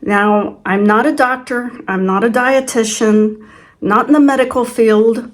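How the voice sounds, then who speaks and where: Woman, sixties, vlog host, chatty, self-deprecating, slightly high voice. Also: fairly even intonation, a little slow. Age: 60s. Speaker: channel host. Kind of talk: casual vlog chat.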